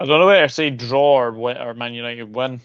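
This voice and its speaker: A man's voice: medium pitch, fairly quick, clean tone, no echo, dull audio. A man hosting a casual football show, chatting and reading out viewer predictions. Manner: relaxed, reads out viewer predictions.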